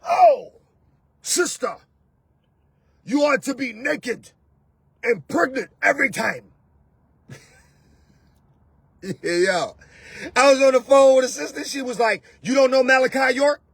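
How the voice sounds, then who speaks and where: Male host, husky and high-pitched, dry sound, loud mocking delivery with soft mimicry. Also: animated, slow pace, pauses often, dry recording. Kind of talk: animated rant to camera. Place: lives in Atlanta.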